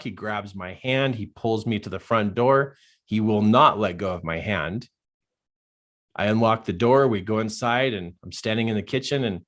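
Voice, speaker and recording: During a live coaching session, a man with a lowish voice shares a personal story in earnest. His tone turns hushed at dark points and animated elsewhere.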